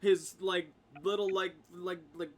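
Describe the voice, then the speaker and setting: A man's voice: high voice, steady tone, unhurried, a little hiss or hum. A man narrating as game master of a tabletop game, rambling through vivid descriptions with lots of restarts.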